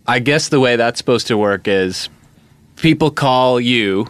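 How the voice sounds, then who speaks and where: A man's voice: mid-range voice, unhurried, smooth. A man co-hosting a comedy podcast in a playful, mock-earnest way. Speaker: podcast co-host.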